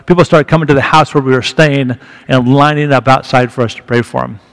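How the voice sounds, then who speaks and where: A man's voice: medium pitch, steady tone, fairly quick, creaky. A man speaking as a guest at a church, telling a story to the congregation in a candid, conversational way with rising emphasis. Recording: reverberant church hall.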